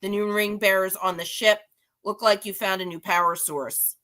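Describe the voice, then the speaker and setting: A woman voicing a steady male space hero with a slow, drawn-out delivery. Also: mid-range voice, natural voice. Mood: musing.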